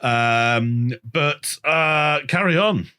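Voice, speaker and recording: A man from Birmingham, England, running a quiz round as a guest, joking with quick asides. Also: a little high, bright, forceful tone, smooth. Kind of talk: casual chat.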